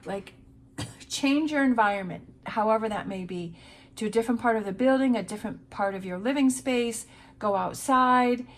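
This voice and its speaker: A woman giving a tarot reading in a casual, encouraging way. She talks slowly and repeats her reassurances. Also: a little high. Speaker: tarot reader.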